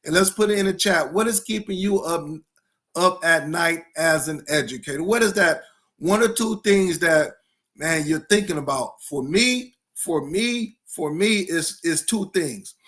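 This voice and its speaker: Speaking a little high and at a measured pace, a middle-aged principal streams his educational podcast live. His energy runs high as he echoes phrases for emphasis and welcomes viewers one at a time by name.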